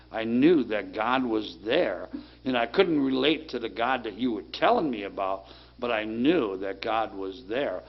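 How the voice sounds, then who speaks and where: A middle-aged man giving a plainspoken personal recovery testimony, talking casually with many fillers. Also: medium pitch. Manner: plainspoken, conversational, full of fillers. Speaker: recovery speaker. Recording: dull lo-fi sound.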